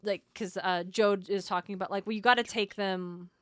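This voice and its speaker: A woman's voice: mid-range voice, moderate pace, smooth, no room sound, studio quality. A woman co-hosting a podcast, casually summarizing a novel's chapter and thinking aloud. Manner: relaxed, thinks aloud with fillers. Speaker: podcast co-host. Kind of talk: casual book discussion.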